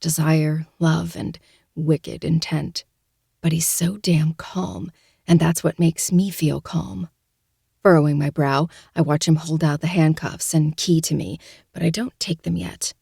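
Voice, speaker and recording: A woman reading a first-person romance audiobook in a soft, intimate, breathy way. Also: sits low, fairly even intonation, unhurried, no room sound, studio quality. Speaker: audiobook narrator.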